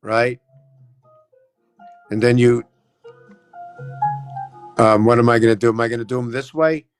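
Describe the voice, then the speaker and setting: Soft background music plays as a livestream host speaks in a level, mid-range voice at a measured pace. Recorded on a phone camera, he rambles through numbers and letter shapes, repeatedly asking "right?".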